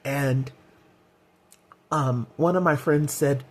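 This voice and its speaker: A woman's voice: low voice, slow, a little mellow. A middle-aged woman vlogging in a candid, heartfelt way, rambling with fillers as she talks. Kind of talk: casual personal vlog.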